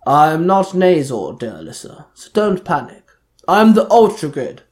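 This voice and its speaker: A man reading aloud, voicing the Ultra Grid, an ancient power that speaks through a teammate's avatar in a slow, formal way. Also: on the high side, big pitch swings, darkish tone. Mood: measured.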